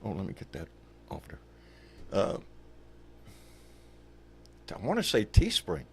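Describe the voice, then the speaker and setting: A man's voice: low-pitched, huge pitch swings, a little slow, creaky, darkish tone, a little hiss or hum. An older man hosting a casual livestream chat, rambling and folksy, swearing casually. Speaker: show host.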